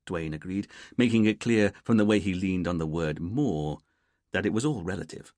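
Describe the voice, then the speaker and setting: A man narrating an audiobook mystery in a measured, wry way. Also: sits low, a little mellow, no room sound, studio quality. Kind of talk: scripted narration.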